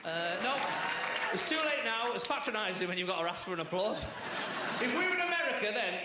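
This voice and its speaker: Brief: male stand-up, high voice, chatty and self-mocking, on a theatre stage with a loud crowd. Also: lively intonation, quick pace, background noise. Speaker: stand-up comedian. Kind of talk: stand-up comedy routine. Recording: echoey theatre, loud audience.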